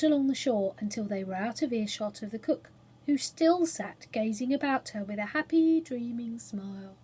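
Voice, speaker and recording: Breathy woman reading a storybook. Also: on the high side, normal speed, rough recording. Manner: gentle expressive read-aloud, softening to a hush in places.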